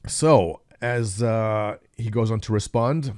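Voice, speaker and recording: A man's voice: lowish voice, slow, few pauses, darkish tone, no room sound. Wry man hosting gaming news, dry sound. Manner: wry, sarcastic asides. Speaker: gaming news video host. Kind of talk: casual gaming news commentary.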